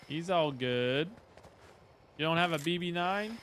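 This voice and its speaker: A fairly high-voiced man hosts a casual live game stream, talking to viewers and greeting them by name as he plays. He breaks into excitable bursts now and then, and noise hums clearly under his voice. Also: unhurried, long pauses. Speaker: livestream host. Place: at work, indoors.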